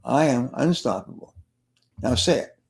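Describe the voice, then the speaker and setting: Man, motivational sales speaker, gravelly voice, emphatic, repeats lines, telling stories in an interview. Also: medium pitch, animated, a little slow. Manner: emphatic, repeats key phrases. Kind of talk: interview storytelling.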